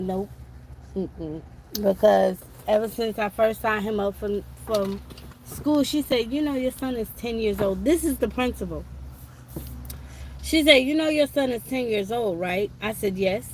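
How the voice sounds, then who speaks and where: A woman's voice: mid-range voice, slight background noise. A woman talking on a casual live stream from an eye doctor's office, telling a frustrated story about her son's school. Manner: chatty, exasperated storytelling. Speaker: vlogger.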